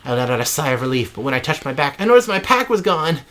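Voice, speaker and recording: A man's voice: a little high, sing-song, quick pace, a bit bright. A man hosting a let's play, reading in-game text with mock drama and joking asides.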